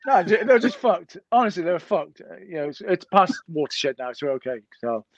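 A middle-aged man, a podcast guest, telling a lively story full of swearing and acted-out dialogue. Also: high-pitched, brisk, muffled recording. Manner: lively anecdotal storyteller who swears freely and acts out dialogue. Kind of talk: casual storytelling.

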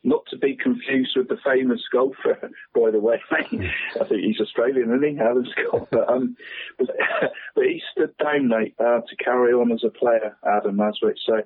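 A man calls in to chat about local football. He has a husky voice and tacks "mate" onto nearly every phrase, chuckling as he goes. He is heard over a tinny, dry phone line. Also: medium pitch, fairly even intonation, moderate pace, no room sound. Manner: chatty, says "mate" constantly, chuckles often. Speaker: football pundit on local radio.

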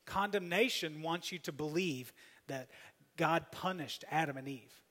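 A man preaching a sermon as pastor, emphatic, swinging between loud appeals and soft, quiet asides. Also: on the high side, unhurried. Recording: long hall reverb.

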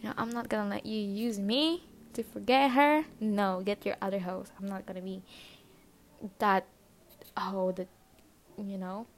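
A woman's voice: mid-range voice, steady tone, measured pace, pauses often, a little hiss or hum. A young adult woman telling a personal story in casual chat, swearing often, leaning on fillers and sometimes dropping to a whisper.

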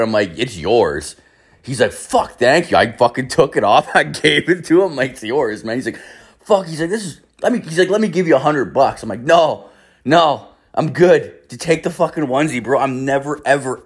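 A young man from Ireland telling a rambling, swear-filled party story in casual chat, acting out quotes with sudden jumps in pitch. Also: husky. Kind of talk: casual anecdote, heavy swearing.

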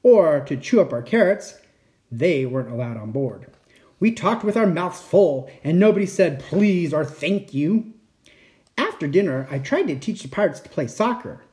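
Man reading a bedtime story aloud, lively pitch, expressive. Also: moderate pace. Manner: expressive, animated.

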